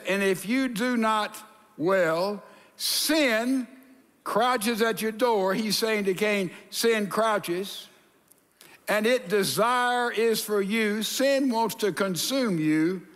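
An older man, a pastor, preaching an animated sermon in a church and acting out voices, with hushed asides. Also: high voice. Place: church sanctuary. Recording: long hall reverb.

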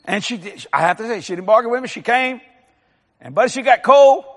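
A pastor preaching a sermon, his voice pitched very high and swinging widely as he tells folksy stories. He teases his congregation along the way. The sound carries a long hall reverb. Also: animated, fairly quick. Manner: folksy storytelling, teasing the congregation.

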